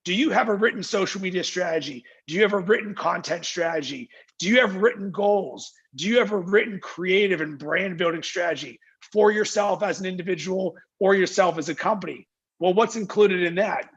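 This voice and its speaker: A man with a high-pitched, brisk voice and a breathy edge comes through muffled on a video call. As a guest in an energetic interview, this marketing agency founder talks emphatically, acting out what clients say and firing off rhetorical questions.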